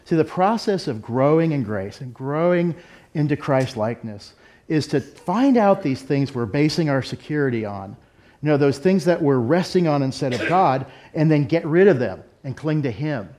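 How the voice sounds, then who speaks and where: A man's voice: fairly high pitch, animated, moderate pace, darkish tone. A middle-aged man preaching a sermon in a candid, self-deprecating, conversational way. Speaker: pastor. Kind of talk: sermon with personal story.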